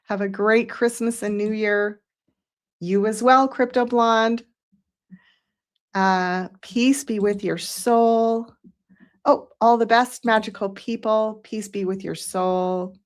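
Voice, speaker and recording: A woman hosting a live psychic show, reading out viewer comments and thanking them one by one in an effusive, unhurried way. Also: mid-range voice, clear, resonant tone.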